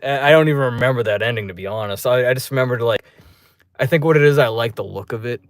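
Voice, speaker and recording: Brief: young male movie reviewer, loose, profane, rambling, mid-pitched, dry close mic. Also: fast talker, no room sound. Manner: rambling, profane, animated with pitched-up quoted reactions. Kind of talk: casual spoken review.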